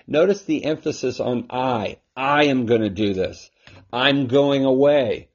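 Male host and Bible teacher, husky timbre, mid-pitched, emphatic, dull home recording. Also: measured pace. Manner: emphatic, with frequent rhetorical "right?". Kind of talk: casual scripture teaching talk.

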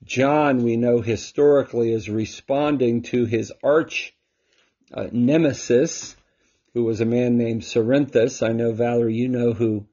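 A man's voice: mid-range voice, steady tone, a little slow, warm tone. A man hosting a casual Scripture teaching talk from his home, emphatic and often checking in with a rhetorical "right?". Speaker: host and Bible teacher. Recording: dull lo-fi recording.

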